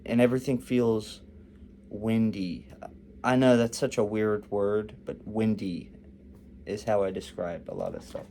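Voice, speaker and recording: Young male vlogger, slightly low pitch, casual rambling storyteller with a joking streak. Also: expressive, a little slow, warm tone, slight background noise.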